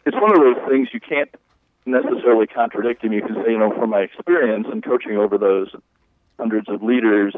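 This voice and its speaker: A man's voice: fairly low pitch, a little fast, background noise. Man talking over a tinny phone line. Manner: folksy, conversational, acts out client quotes. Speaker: leadership coach. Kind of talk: explaining in an interview.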